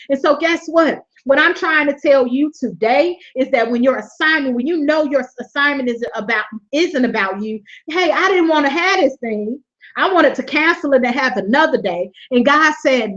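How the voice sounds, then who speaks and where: A woman hosting a webinar, giving a lively motivational faith talk, laughing often and repeating her points like a preacher. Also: high-pitched, normal speed. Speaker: webinar host. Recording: dull lo-fi webinar audio.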